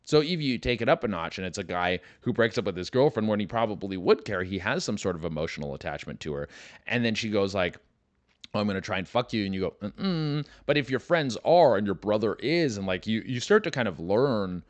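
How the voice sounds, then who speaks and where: A young man hosting a comedy podcast, ranting loosely with lots of swearing and quick put-on voices. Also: on the low side, expressive, no echo. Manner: loose, profane, riffing with mock voices. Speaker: podcast host. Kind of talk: casual comedic rant.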